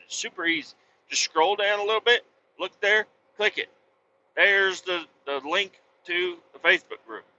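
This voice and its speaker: A man with a bright, forceful, slightly high voice talks casually from the cab of his truck. He rambles bluntly and swears freely. The audio is dull and lo-fi, with faint road ambience behind him. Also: slight background noise. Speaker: trucker vlogger. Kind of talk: casual chat while driving.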